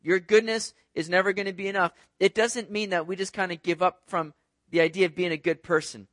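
A pastor with a high-pitched voice preaches to his congregation at a church service, with no room sound on the recording. His sermon feels conversational, and he keeps checking in by asking "right?"

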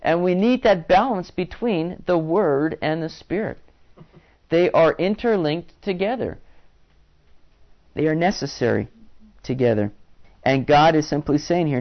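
A man's voice: on the high side, lively intonation, measured pace, pauses often. Man preaching a casual sermon, lo-fi. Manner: conversational preaching with frequent restarts and fillers. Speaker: pastor. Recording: dull lo-fi sound.

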